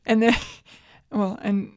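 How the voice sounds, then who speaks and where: A middle-aged woman co-hosts a comedy podcast, speaking slowly in a medium-pitched, slightly mellow voice with a steady tone. She's casual, blunt and jokey, and swears freely.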